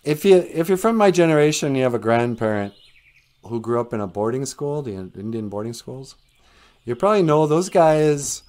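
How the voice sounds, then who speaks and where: A middle-aged man tells a story in a loose, conversational way, often chuckling and going back to restart his phrases. His voice sits at an ordinary middle pitch, and he lifts it to voice the people in his tales. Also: very animated, moderate pace, a little mellow. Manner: chatty and chuckling, with frequent restarts. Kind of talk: casual spoken storytelling.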